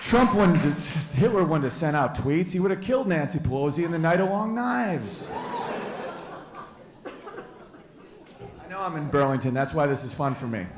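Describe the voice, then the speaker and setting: A man's voice: on the high side, sing-song, measured pace, pauses often, echoey room, background noise. A man in his thirties doing a brash, crude stand-up set on a club stage, riffing with the crowd. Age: 30s. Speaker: stand-up comedian.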